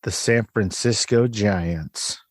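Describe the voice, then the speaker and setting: A man's voice: on the low side, slightly rough, dry recording. Teasing male podcast host, dry sound. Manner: teasing, jokey, quick asides. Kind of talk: casual conversational interview.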